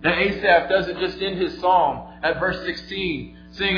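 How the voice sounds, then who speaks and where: A man preaching a sermon, retelling a story vividly, moving between quiet and emphatic delivery. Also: high voice, unhurried. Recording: echoey, slightly dull, faint music.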